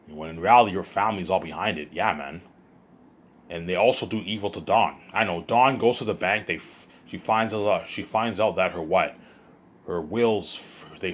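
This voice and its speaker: A man's voice: low-pitched, a little hiss or hum. A tired man vlogging to his viewers in a rambling monologue, repeating himself, stumbling over restarts and swearing.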